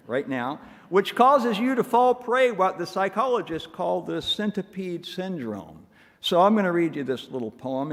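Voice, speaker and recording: Wry, self-mocking male minister in a hall. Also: a little high. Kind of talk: sermon. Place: church sanctuary. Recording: long hall reverb.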